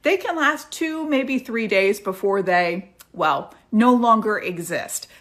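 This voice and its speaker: A woman's voice: mid-range voice, animated, takes it slowly, a bit bright. A woman giving casual news commentary to her viewers, dramatic and sarcastic.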